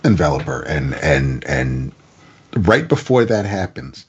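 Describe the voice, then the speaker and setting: Low husky guy rambling thru a comic recap, kinda muffled lo-fi audio. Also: big pitch swings, measured pace. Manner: rambling plot recap with stammered restarts. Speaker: comic book reviewer. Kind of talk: casual spoken review.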